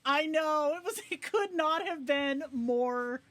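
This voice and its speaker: A young adult woman hosting a casual livestream, chatting excitedly and reacting to viewers with quick asides. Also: high voice, no echo. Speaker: livestream host.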